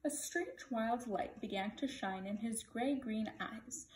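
A woman greeting schoolchildren and reading a picture book aloud in a friendly, expressive way. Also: fairly high pitch, slow pace, far from the mic, a little hiss or hum. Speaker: storybook reader for schoolchildren. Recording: echoey room.

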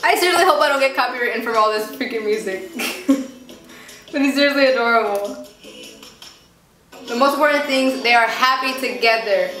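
A woman's voice: a little high, normal speed, pauses often, a bit bright. A young woman reacting to videos with casual commentary, gasping, squealing and gushing over what she watches. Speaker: reaction vlogger. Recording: echoey room with faint music.

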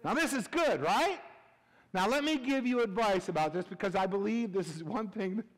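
A middle-aged male pastor preaching a humorous sermon, animated and joking, swinging between loud bursts and hushed asides. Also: sits high, normal speed. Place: church sanctuary. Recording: reverberant church hall.

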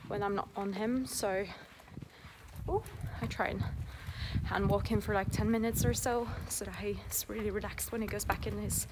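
A woman's voice: mid-range voice, background noise. A woman vlogger chatting casually to a handheld camera, rambling with lots of fillers. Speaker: horse-riding vlogger. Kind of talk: casual vlog chat to camera.

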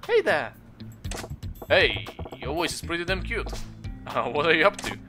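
Blunt, loud yakuza, read out by a man. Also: a little high, sing-song, measured pace, music in the background, pitched above the performer's own voice. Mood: brash. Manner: loud and punchy. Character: brash male yakuza, blunt.

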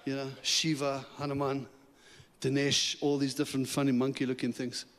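A man preaching as a guest speaker, telling a personal story with lively, chuckling asides in which he acts out his own thoughts. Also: mid-range voice, normal speed, slight background noise. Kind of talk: sermon storytelling. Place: church sanctuary. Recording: long church hall reverb.

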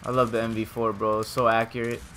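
A young man giving casual, trash-talking commentary while he plays a shooter game, and he jumps up to shouting when things go wrong. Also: mid-range voice, a little hiss or hum. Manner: trash-talking, excitable, quick swings to shouting. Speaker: gameplay streamer. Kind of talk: casual live commentary over gameplay.

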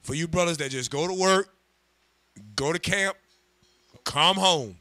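A man preaching a street-style sermon, animated and slangy, acting out what husbands and wives say. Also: on the high side, unhurried, long pauses.

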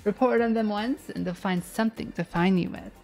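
Sleazy tough-talking newspaper boss, as a woman puts him on for a game read, gruff, faint music behind. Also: medium pitch, brisk, a little mellow, close to an everyday voice. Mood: grumbling. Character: brash sleazy middle-aged male news boss. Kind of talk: video game voice reading.

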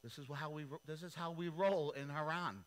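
A man playing a sly, scheming older father-in-law who answers in a low, flat, smug way. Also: a little fast, lightly acted.

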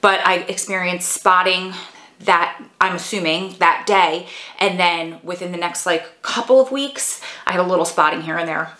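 A woman in her forties talks to her phone camera in a rambling, chatty way, a little breathless between phrases. Her voice is bright and sits on the low side. The room gives it a noticeable echo. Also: moderate pace. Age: 40s. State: short of breath. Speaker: vlogger. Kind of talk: casual chat to camera. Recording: echoey room.

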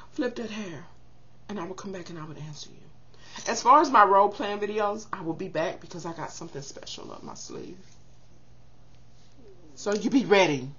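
An older woman chatting casually to camera, giving zodiac advice in an animated, expressive way and acting out quotes. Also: mid-range voice, lo-fi sound, a little hiss or hum.

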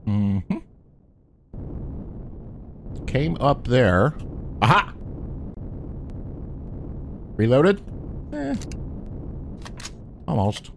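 A man casually commentating his game session, his pitch rising and falling in lively swings. He chats to the enemies with mock courtesy. A faint noise sits under the recording. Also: extremely slow, creaky, long pauses. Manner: chatty, talks to enemies with mock politeness. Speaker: gaming channel host.

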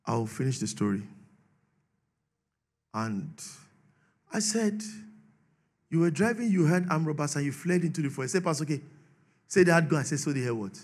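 A Nigerian man preaching a sermon, swinging from shouted declarations to low asides and laughing often. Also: animated, moderate pace, pauses often. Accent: Nigerian English. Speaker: pastor.

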